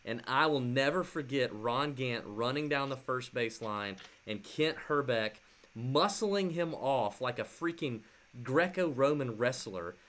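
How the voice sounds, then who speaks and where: A man co-hosting a golf podcast in loose, chatty talk. His voice is bright and forward, with a middle pitch. He tells stories with energy, stumbling over restarts and fillers. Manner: animated storytelling, many fillers and restarts. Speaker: podcast co-host. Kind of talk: casual sports podcast chat.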